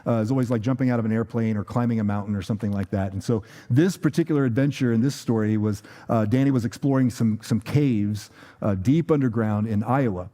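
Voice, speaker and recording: A man's voice: on the low side, fast, warm tone. A man preaching a sermon as a pastor, telling a story in a loose, conversational way with fillers and repeated words. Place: church.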